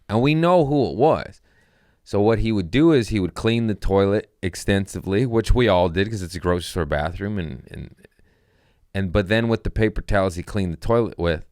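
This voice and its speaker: Man, comedy podcast host, low voice, profane, animated storyteller, dry close sound. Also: smooth, no echo. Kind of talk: casual storytelling.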